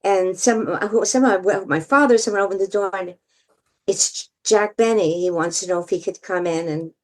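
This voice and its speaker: An older woman entertainer telling stories as a guest, lively and theatrical, often laughing. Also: mid-range voice, normal speed. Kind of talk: storytelling interview.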